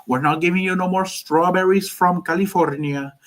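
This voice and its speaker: A man's voice: fairly high pitch, moderate pace, a bit bright, voice pushed up. A man putting on the voice of a brash older politician, crude and swaggering in his threats. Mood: mocking threats.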